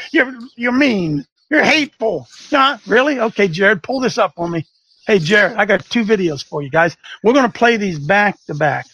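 A man's voice: very high voice, pushed and bright, husky, no echo. A man hosting a talk show as a coach, delivering combative, preachy commentary full of rhetorical questions. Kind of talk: fiery commentary with a call-in feel.

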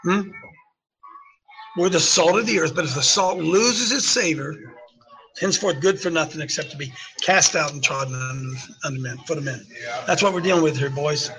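A man's voice: on the high side, moderate pace, music in the background, low-quality recording. A man hosting an opinionated talk show, emphatic, repeating his points and firing off rhetorical questions at his listeners. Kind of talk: opinionated talk radio commentary.

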